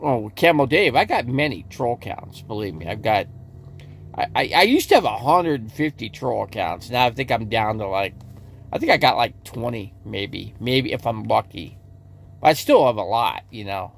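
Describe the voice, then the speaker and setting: A man's voice: medium pitch, big pitch swings, moderate pace, creaky, slight background noise. A man livestreaming casual chat from inside his RV, rambling and restarting his sentences as he talks to viewers in the chat. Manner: rambling, with many restarts and repeated words.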